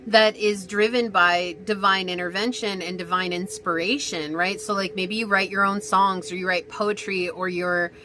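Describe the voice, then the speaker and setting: A woman giving a casual pick-a-card tarot reading, rambling and animated with many fillers and restarts. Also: mid-range voice, normal speed, hardly any pauses. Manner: rambling, animated, lots of fillers and self-corrections. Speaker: tarot reader.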